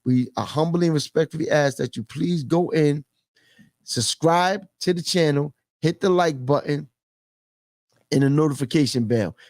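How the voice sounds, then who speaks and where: A man's voice: a little high, moderate pace, a little mellow, no room sound. A man hosting a casual livestream, earnestly repeating a humble plea for support, with many fillers. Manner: repetitive, earnest pleading, fillers. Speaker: livestream host.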